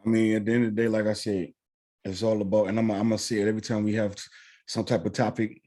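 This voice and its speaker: A man's voice: fairly low pitch, flat delivery, fast, warm tone. A man co-hosting a podcast, speaking in casual chat that is earnest, lecturing and profane.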